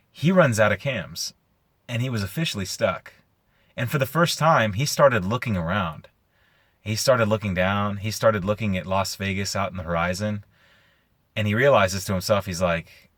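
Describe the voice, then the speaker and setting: A man's voice: fairly low pitch, a bit bright, dry recording. A man hosting his own show, retelling a story casually and with animation, using lots of "like" fillers. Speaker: host.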